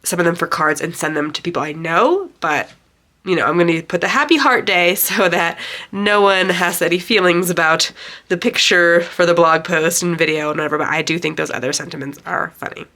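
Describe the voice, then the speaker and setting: A woman's voice: fairly low pitch, fairly quick, sharp tone. A woman with a congested, nasal voice from being sick, chatting casually and rambling a little while she explains a card-making tutorial. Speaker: craft channel host. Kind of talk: casual craft tutorial narration.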